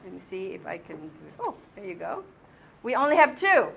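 A woman's voice: medium pitch, very animated, a little fast, vocal fry, fairly bright tone. A woman teaching a language class patiently, repeating words and often checking in with her students. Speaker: Hebrew teacher. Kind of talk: classroom lesson.

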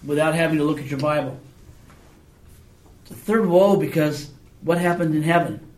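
A man's voice: fairly high pitch, normal speed, darkish tone. A man teaching a Bible class in a casual, conversational way, often checking in with his students through questions. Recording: echoey room, mic far off.

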